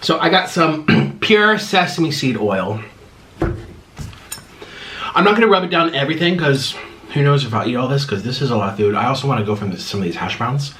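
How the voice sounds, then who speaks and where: A young man chatting casually on his vlog while eating spicy food, his mouth burning, clearing his throat often and rambling through viewer questions. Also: mid-range voice, animated, moderate pace, a bit bright, slight background noise, low-quality recording. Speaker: vlogger.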